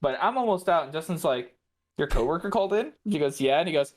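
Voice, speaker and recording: A man's voice: fairly high pitch, expressive, fast talker, a little mellow. A man co-hosting a podcast, telling a profane story in casual chat. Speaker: podcast co-host.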